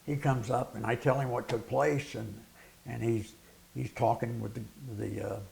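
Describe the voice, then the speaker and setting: A man's voice: mid-range voice, moderate pace, creaky, a little hiss or hum. A middle-aged man, a preacher and former wrestler telling a story as a guest in an interview, acting out the quotes. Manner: animated anecdote with acted-out quotes and laughter.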